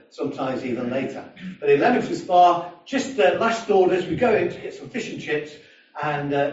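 A man preaching a sermon in a church, telling a story and acting out the people in it. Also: a little high. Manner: storytelling, animated, acting out a drunk's voice. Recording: echoey church hall from a distance, dull sound.

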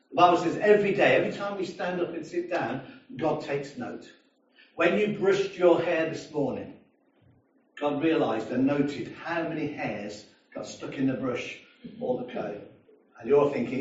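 Speaking at an ordinary pace in a somewhat high voice, this man delivers a church sermon built around a story whose people he plays out. His lively narration includes an impression of a drunk. It's captured from afar in a reverberant church hall, and the sound is muffled.

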